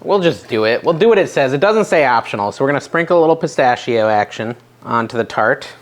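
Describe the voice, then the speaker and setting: A middle-aged man hosting a casual home cooking vlog, chatty and nervous, with a self-deprecating manner and sudden excited yelps. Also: mid-range voice, quick pace. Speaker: cooking channel host. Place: home kitchen.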